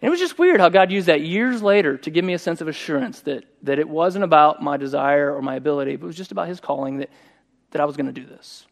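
A middle-aged man preaching a sermon, telling a personal story in a conversational, animated way. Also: fairly high pitch, fast, creaky. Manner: conversational and animated, voicing quoted speech. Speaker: pastor.

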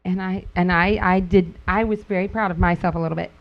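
A middle-aged woman speaking casually to a group, telling stories with frequent laughter and acting out quotes in sudden high squeals. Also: fairly even intonation, a little fast, slight background noise. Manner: laughs often while talking. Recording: dull lo-fi recording.

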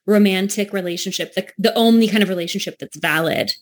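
A woman's voice: medium pitch, brisk. A woman in a casual conversation, affirming the other speaker with short agreeing sounds. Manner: affirming, lots of listening sounds.

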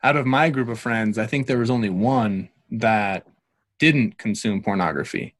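Calm, reflective man, dry sound. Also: on the low side, normal speed, dry recording. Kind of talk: casual conversation.

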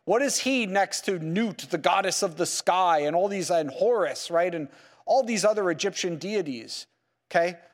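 A Bible teacher, his voice high for a man, gives an animated lecture with slides at normal speed, peppering sentences with "okay?" and "right?". He keeps the class engaged through rhetorical questions, while a long hall reverb trails his words.

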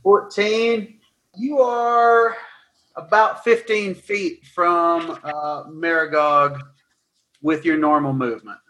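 A man narrating as dungeon master, recapping and describing scenes in a lively way with some fillers. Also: a little high. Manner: animated, quick recaps with fillers. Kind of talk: tabletop game narration.

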